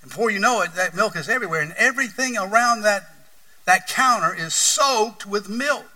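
East Tennessee preacher, bright and distant. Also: male voice, high-pitched, expressive, normal speed. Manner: earnest storytelling preacher, swells and drops in volume. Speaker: pastor. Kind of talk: sermon.

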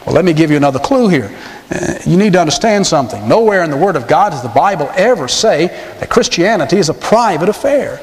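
A man's voice: fairly high pitch, sing-song, fast. A man preaching a sermon, emphatic and full of rhetorical questions to his listeners. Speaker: pastor. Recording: long hall reverb.

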